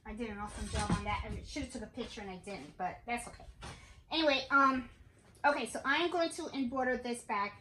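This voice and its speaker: A woman's voice: fairly high pitch, fast talker, pushed and bright, soft background music. A woman hosting a casual crafting how-to vlog from her home craft room, chatting to viewers and often checking in with an "okay?". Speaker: crafting channel host. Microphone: camera on a tripod. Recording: echoey room, faint noise.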